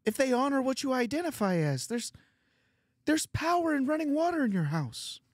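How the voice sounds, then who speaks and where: A man putting on an impression of a lecturing Canadian male pundit with a high, nasal, Kermit-like whine. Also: big pitch swings, moderate pace, no room sound, studio quality, full character voice. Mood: ranting. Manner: lecturing, preachy and indignant.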